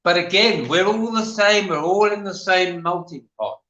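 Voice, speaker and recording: A man's voice: sits high, expressive, moderate pace, pushed and bright, roomy sound, dull audio. An older man with an English accent, telling rambling stories as a guest on a livestream panel chat. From England. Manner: chatty, rambling storyteller.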